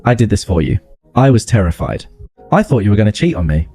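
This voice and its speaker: A man's voice: fairly low pitch, sing-song, quick pace, mellow, slightly rough, faint music behind, full character voice. A man voicing a frightened young woman who pleads and stammers on a jail phone call. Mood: desperate.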